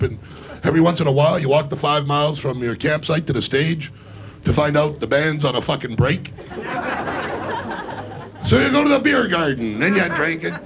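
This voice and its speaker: A man emceeing a comedy show and doing his own stand-up on a club stage, with a loud, rowdy, hyped delivery. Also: a little high, expressive, normal speed, pauses often. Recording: dull lo-fi live club recording.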